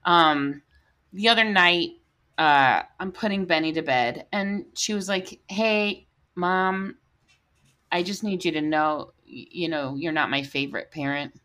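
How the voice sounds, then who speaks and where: A middle-aged woman co-hosting a podcast, telling a story in casual chat, animated, with many fillers and frequent laughter. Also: on the low side, measured pace. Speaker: podcast co-host.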